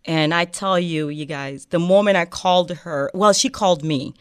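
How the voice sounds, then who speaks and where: A woman's voice: lowish voice, moderate pace, few pauses, smooth, dry recording, clean studio sound. Earnest woman host. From West Africa. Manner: earnest, emotional, many fillers. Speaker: show host. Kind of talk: heartfelt podcast interview.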